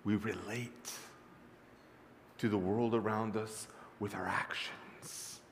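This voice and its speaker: A man's voice: on the low side, steady tone, slow, slight background noise. A male pastor preaching a sermon in a church, telling stories and calling out to his congregation with emphasis, his voice ringing with long reverb. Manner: storytelling, emphatic, calls to the congregation. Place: church sanctuary.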